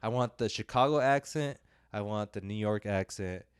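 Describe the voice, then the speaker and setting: A young man with a lowish, smooth, clean voice, chatting about films on a podcast. He rambles, drops in fillers and self-deprecating jokes, and sounds close and dry on the mic. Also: normal speed, dry recording. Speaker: podcast co-host reviewing films. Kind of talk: casual podcast chat.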